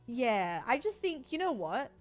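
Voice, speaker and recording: A woman's voice: on the high side, very animated, a little slow, soft background music. A woman streamer chatting casually while she plays, rambling and frank, swearing freely with lots of fillers. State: sore body.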